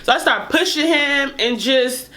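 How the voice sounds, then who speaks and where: A young woman vlogger telling a casual story in an animated, profane way, laughing as she goes. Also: sits high, a little slow, background noise.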